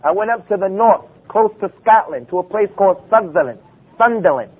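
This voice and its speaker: Captured on a phone-quality lo-fi recording, this preacher has a husky, high voice and speaks a little fast and with animation. His Islamic lecture is emphatic, packed with rhetorical questions and Arabic quotations.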